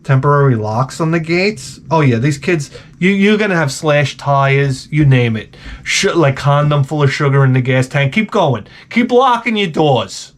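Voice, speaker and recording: Guy ranting sarcastic advice, swears a ton, kinda high voice, totally exasperated. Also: animated, a little slow, hardly any pauses. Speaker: advice vlogger. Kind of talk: comedic advice rant.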